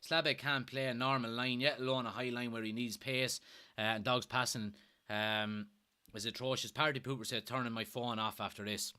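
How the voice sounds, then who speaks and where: A man's voice: medium pitch, fairly even intonation, moderate pace, sharp tone, clean tone. An Irish man from Kilkenny hosting a live football watchalong, reading viewer comments aloud and reacting in exasperation with plenty of swearing. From Ireland. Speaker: fan watchalong host.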